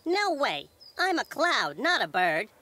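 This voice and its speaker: A woman's voice: high-pitched, very animated, measured pace, sharp tone, full character voice. A woman voicing a cheeky talking cloud sidekick in a children's cartoon, joking and cocky.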